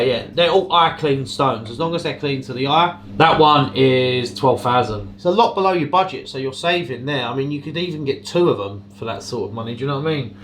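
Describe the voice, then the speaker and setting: A man's voice: a little high, a bit bright, a little hiss or hum. A man, a jeweller chatting casually as he walks through prices and gold tests in his shop. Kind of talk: casual explaining to camera and customer.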